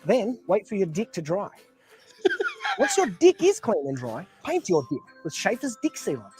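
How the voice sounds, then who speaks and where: A man with a New Zealand accent playing an earnest pitchman in a comedy commercial voice-over. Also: huge pitch swings, moderate pace, over music. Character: earnest male deck-sealant pitchman. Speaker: ad spokesman.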